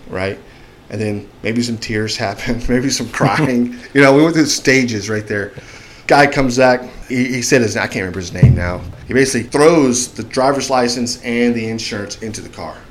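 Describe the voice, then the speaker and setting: There's slight background noise as a man with a mid-range voice recounts a long story on a podcast. He speaks casually and animatedly, voicing the people in his tale and acting out their shouting.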